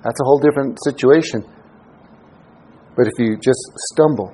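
A man's voice: mid-range voice, normal speed, dark tone, breathy edge, poor audio. A man preaching a conversational sermon as a pastor, often acting out quoted voices to make a point.

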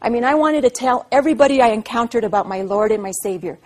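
Earnest breathy-voiced woman preaching. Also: a little high, animated, fast, darkish tone. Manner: earnest, builds to fervent emphasis. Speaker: pastor's wife. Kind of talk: devotional talk to a women's group.

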